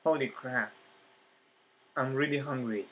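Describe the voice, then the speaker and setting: A man chats slowly and happily through an eating vlog, with a slightly husky voice. He talks with his mouth full and keeps breaking into mm sounds of enjoyment. His pitch sits in the middle for a man. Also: a bit bright. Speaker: vlogger.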